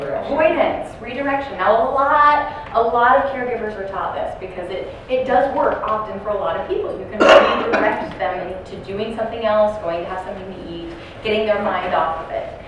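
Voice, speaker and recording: A woman giving a dementia care training talk to a class, telling stories and acting out residents' shouts. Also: mid-range voice, normal speed. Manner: storytelling, acts out residents loudly. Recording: echoey room from far off, noisy.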